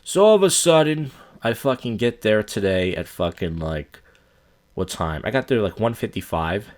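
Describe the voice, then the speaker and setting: A man's voice: lowish voice, expressive, normal speed. A man hosting a podcast and ranting casually and profanely. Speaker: podcast host.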